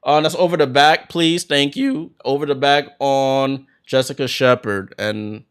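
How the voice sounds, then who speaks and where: A man hosting a basketball watchalong, calling the plays as an excited fan with sudden bursts of hype. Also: medium pitch, unhurried, clean tone. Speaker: watchalong host doing play-by-play. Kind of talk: fan play-by-play commentary.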